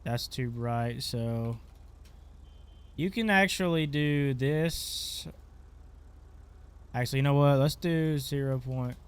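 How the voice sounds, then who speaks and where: Stuffy, offhand man with a smooth voice. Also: medium pitch, slow pace, long pauses. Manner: offhand, talks while clicking through settings. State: stuffy, congested. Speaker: gaming channel host. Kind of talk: casual screen-recorded tutorial.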